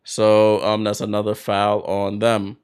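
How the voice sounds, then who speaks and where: A man hosting a basketball watchalong, calling the plays as an excited fan with sudden bursts of hype. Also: lowish voice, a little slow, clean tone. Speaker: watchalong host doing play-by-play. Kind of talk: fan play-by-play commentary.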